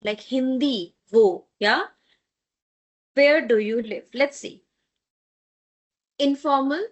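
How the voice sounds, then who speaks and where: A woman teaching an online language lesson, patient and repeating phrases slowly for learners to echo. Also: a little high, expressive, fairly bright tone.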